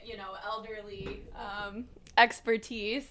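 A woman's voice: mid-range voice, little pitch movement, slow, a bit bright, a little hiss or hum. A woman in a casual group chat who is blunt and swears for emphasis.

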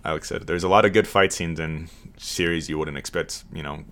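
Very deep-voiced man, casual rambling chat. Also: fairly even intonation, fairly quick, fairly bright tone. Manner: rambling, profane, enthusiastic.

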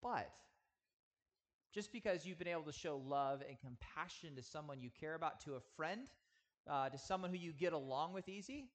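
A man in his thirties, a pastor, preaching an earnest sermon with slow, emphatic stresses. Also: fairly high pitch, a bit bright. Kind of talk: sermon teaching.

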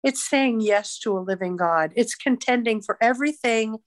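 A woman's voice: a little high, moderate pace, no room sound. Woman praying fervently, dry close sound. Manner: fervent, declaring, rhythmic prayer. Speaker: evangelist guest. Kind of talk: spoken prayer. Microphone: podcast mic.

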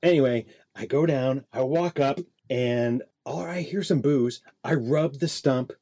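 A man guest telling a rambling, animated story in casual conversation, hedging as he goes. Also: medium pitch, a little slow, no room sound. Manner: rambling, self-doubting, animated. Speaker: guest, performer.

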